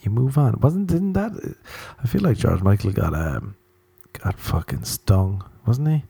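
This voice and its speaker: Rambling Irish man, mellow low voice. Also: big pitch swings, unhurried, creaky, breathy edge. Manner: rambling, irreverent and crude. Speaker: podcast host. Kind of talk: comedic solo podcast monologue.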